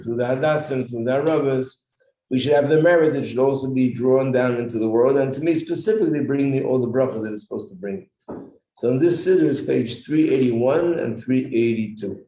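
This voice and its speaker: A man's voice: mid-range voice, mellow. Man teaching a religious class in an echoey room. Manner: explanatory, asks the class questions, clears throat often. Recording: roomy echo, faint noise.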